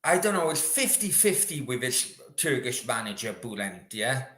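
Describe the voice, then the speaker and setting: A man's voice: medium pitch, big pitch swings, normal speed, pushed and bright, echoey room. A man hosting a casual live chat with viewers, chatty and rambling. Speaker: host. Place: room in Australia.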